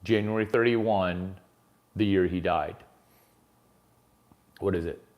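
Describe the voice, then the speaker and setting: A man doing a rambling stand-up monologue, brash and profane, swinging from mutters to shouts. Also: sits low, fairly even intonation, slow pace. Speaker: comedian.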